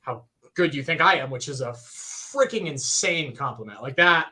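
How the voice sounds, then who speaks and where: A young man telling a story in a casual, excited way on a podcast livestream, full of fillers and acted-out quotes. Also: medium pitch, moderate pace. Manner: excited, animated retelling with many fillers. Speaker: podcast co-host.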